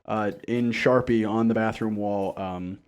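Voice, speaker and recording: A man's voice: on the low side, unhurried, clean tone. A young man co-hosting a podcast in casual chat, telling stories with lots of energy and laughing through them, on a podcast microphone. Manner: animated storyteller who laughs through his stories. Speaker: podcast co-host.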